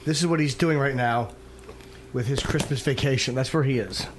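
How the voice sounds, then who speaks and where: A man from South Jersey, a comedian guest on a podcast, talking bluntly and deadpan. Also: mid-range voice, moderate pace, noisy background. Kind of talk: casual podcast banter.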